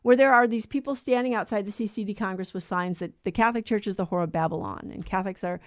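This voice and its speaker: A woman's voice: medium pitch, fast talker, dry recording, studio quality. A woman co-hosting a Catholic talk show, teaching in an earnest, storytelling way. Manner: earnest storyteller who acts out quoted voices. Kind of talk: conversational faith teaching.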